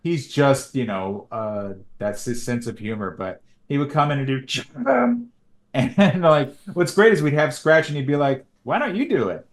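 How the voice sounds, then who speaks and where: A man in his thirties, a guest on an interview show, telling animated stories with frequent laughs and sudden high swoops into quoted voices. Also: a little slow, reverberant. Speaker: animation creator and voice actor, guest. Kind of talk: casual interview chat.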